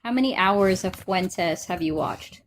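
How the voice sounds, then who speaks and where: A woman's voice: on the low side, expressive, measured pace, slight background noise. Playful teasing woman co-host. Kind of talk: live-stream banter.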